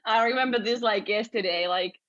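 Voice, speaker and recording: A woman's voice: a little high, a little fast, fairly bright tone, lo-fi sound. A woman from Finland with a Finnish accent, a hockey coach speaking plainly as a podcast guest. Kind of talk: conversational interview.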